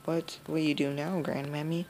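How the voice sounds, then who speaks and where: A woman's voice: sits low, flat delivery, normal speed, darkish tone, soft background music, lightly acted. A woman reading as a plain game hero. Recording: noisy home recording.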